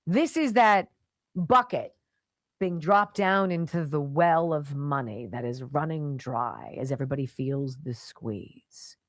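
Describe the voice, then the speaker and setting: A woman radio host talks in a lively, swooping voice that rises and falls sharply. Her delivery is emphatic and opinionated. The sound is close and dry. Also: mid-range voice, no room sound. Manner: animated and emphatic, mocking in mimicry. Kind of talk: opinionated talk radio monologue.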